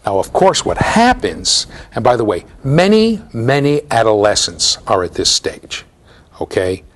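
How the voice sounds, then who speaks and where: A middle-aged man from the United States gives a university lecture, telling stories and tossing asides to his students. His medium-pitched voice has a sing-song quality and moves a little slowly.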